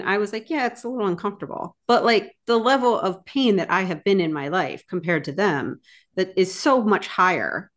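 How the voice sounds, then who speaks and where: A woman hosting an interview, chatty, sharing personal stories in a casual way. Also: on the low side. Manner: chatty, tells personal anecdotes. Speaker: podcast host.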